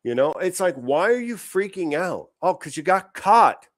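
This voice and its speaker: A man's voice: high voice, big pitch swings, moderate pace. A man hosting a reaction show, ranting angrily with heavy profanity and mocking asides. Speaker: show host.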